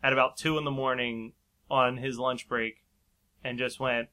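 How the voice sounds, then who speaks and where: A man's voice: medium pitch, little pitch movement, moderate pace, bright, forceful tone. A man casually telling a long story in a chat, rambling and laughing often. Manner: rambling, laughs often, acts out quoted voices.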